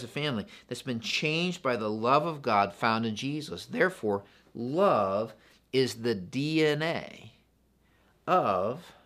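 A man's voice: mid-range voice, pushed and bright. A man preaching a sermon in a church, earnest and repetitive, often asking the congregation questions. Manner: earnest, asks the congregation questions, repeats phrases. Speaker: pastor.

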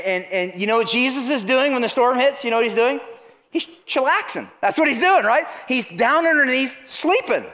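Guy preaching in church, high voice, keeps firing questions at the crowd. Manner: animated, calls out questions to the congregation. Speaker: pastor. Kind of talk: sermon. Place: church sanctuary.

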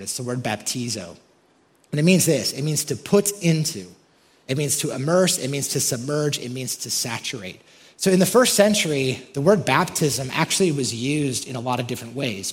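A male pastor preaches with lively, animated delivery. He talks straight to his congregation with frequent questions and lifts his voice sharply on quoted verses. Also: medium pitch, in a large hall. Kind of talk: sermon.

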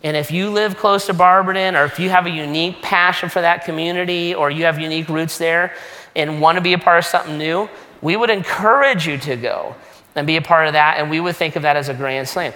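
A man's voice: a little high, steady tone, fairly quick, sharp tone. A man preaching as a pastor, casual and joking in a conversational sermon style. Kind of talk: sermon announcements. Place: church sanctuary. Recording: long hall reverb.

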